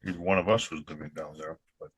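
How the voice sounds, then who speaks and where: A man's voice: a bass voice, steady tone, fast talker, husky, no echo. A man hosting a casual podcast chat, talking in a blunt, opinionated way with some swearing. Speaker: podcast host.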